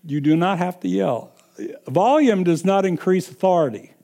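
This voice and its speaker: A man's voice: high voice, lively intonation, normal speed, vocal fry, dark tone. A man preaching a sermon, emphatic and repeating his points with frequent chuckles.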